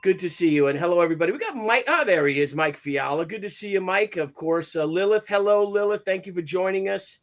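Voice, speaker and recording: A man hosting a live stream in casual chat, greeting viewers by name in an animated, chatty way. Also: high-pitched, fast talker, hardly any pauses. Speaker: host of live comics stream.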